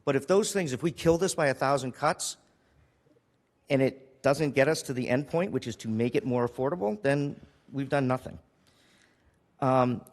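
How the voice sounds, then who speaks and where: A city councilor speaking with emotion and frequent restarts during a council meeting. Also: male voice, medium pitch, big-room sound. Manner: emotional, pleading, with restarts and repetition. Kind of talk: impassioned council meeting speech. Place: council chamber.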